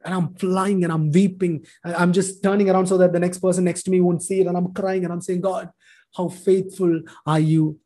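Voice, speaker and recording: Man telling his testimony, higher voice. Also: flat delivery, fairly quick, dark tone. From India. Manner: emotional storytelling, acts out dialogue. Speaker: speaker sharing testimony. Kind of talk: personal testimony talk.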